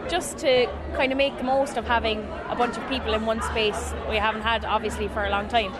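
A woman's voice: fairly high pitch, level tone, fairly quick. A young woman, talking to a reporter outdoors in a nightclub queue, chatty and earnest. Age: 20s. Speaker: interviewee. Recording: street crowd and noise behind.

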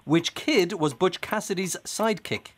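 A man's voice: high voice, lively intonation. A man hosting a radio quiz phone-in, teasing and bantering with callers. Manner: playful, teasing, quick banter.

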